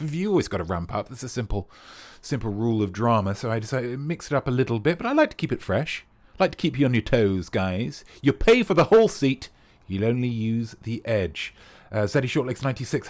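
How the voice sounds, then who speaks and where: An English man with a refined RP accent, hosting a live-streamed character comedy show in a grandiose, theatrical manner. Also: mid-range voice. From England. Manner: grandiose, theatrical, playfully pompous. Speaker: streamer host.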